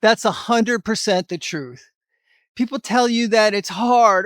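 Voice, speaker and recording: Blunt, high-voiced motivational man. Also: takes it slowly, pauses often, a bit bright, dry recording, clean studio sound. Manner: blunt, emphatic, mild cursing. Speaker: fitness vlogger. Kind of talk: motivational talk to camera.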